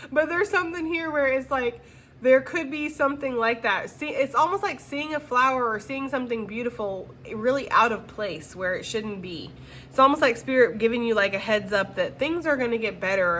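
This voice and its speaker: In this tarot reading, a woman talks to her viewers in a chatty, slangy way, frequently offering reassurance and asking "okay?" Her tone is bright and forceful, pitched on the high side, and there's slight background noise.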